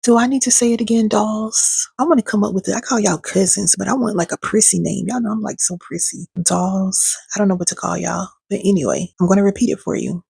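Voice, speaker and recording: A woman's voice: mid-range voice, fairly even intonation, fairly quick, vocal fry, few pauses, a little mellow, husky, dry recording. A woman host, coaching her viewers in a direct-to-camera talk, preachy and sassy, calling them pet names. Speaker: healing coach and video host.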